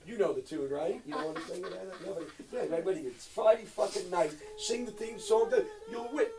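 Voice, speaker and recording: A man's voice: sits high, brisk, a crowd in the background. Middle-aged guy rambling and cracking jokes, cussing, kinda far from the mic. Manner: rambling, joking, loud bursts and profanity. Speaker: actor guest. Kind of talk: joking live-stream chat.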